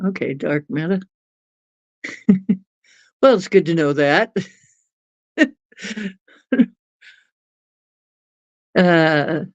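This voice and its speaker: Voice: medium pitch, drawn-out words, pauses often, no room sound. An easygoing livestream host talks unhurriedly with viewers and giggles often. The sound is dull and lo-fi, with a dry, close feel and little room. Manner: giggly, chatty, laughs often. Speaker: livestream host reading chat. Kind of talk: casual chat with viewers.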